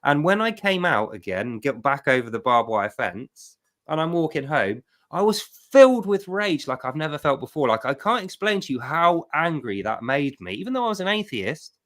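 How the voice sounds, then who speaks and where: A middle-aged man hosting a livestream, telling a personal testimony with emphatic, animated storytelling. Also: a little high, moderate pace. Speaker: livestream host.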